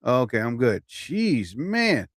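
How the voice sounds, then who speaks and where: A man's voice: medium pitch, big pitch swings, takes it slowly, no room sound, clean studio sound. A man doing a casual, rambling livestream from home, chatty and self-interrupting, laughing at himself and yawning a little. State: yawning, a bit tired. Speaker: comedian livestreaming. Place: at home, TV on overhead. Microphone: phone or computer mic, livestream.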